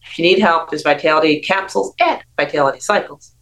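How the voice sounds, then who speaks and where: A woman's voice: sits low, fast, a bit bright, low-quality recording. An older woman doctor giving blunt, emphatic health advice on a talk show, repeating words for emphasis. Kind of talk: casual radio talk advice.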